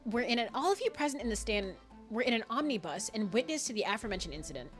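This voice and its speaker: A woman's voice: on the high side, big pitch swings, faint music behind. A woman doing a stern British judge. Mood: formal. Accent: attempted British. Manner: formal, measured courtroom delivery. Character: stern British male judge, older, formal. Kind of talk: reading game dialogue aloud.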